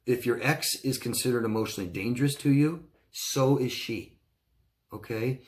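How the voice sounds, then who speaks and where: A man working as a relationship coach, answering viewer questions in a reassuring way and often checking in with "okay?". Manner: acts out quoted friends in a higher, excited voice.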